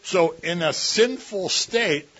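A man's voice: high-pitched, expressive, slow pace, fairly bright tone. A man preaching a sermon in a conversational, folksy way, often slipping into mimicked voices. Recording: dull lo-fi recording.

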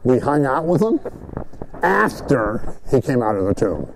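A man's voice: medium pitch, unhurried, gravelly, a little hiss or hum, poor audio. A man teaching the Bible to a group in a conversational sermon, often checking in with "right?" and acting out the people he quotes. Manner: animated, asks "right?", acts out quoted speakers.

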